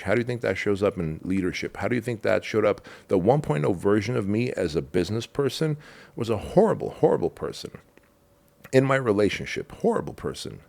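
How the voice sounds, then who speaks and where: A man's voice: fairly low pitch, gravelly. A middle-aged man telling a personal story as a podcast guest, raw and emotional, swearing and calling the listener bro.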